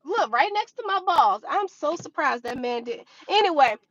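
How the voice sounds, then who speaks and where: A woman in her twenties, high-pitched and animated, tells her viewers a personal stock-trading story in a casual, dramatic way, acting out her own reactions. She talks at normal speed with few pauses, and the recording is dry and slightly dull.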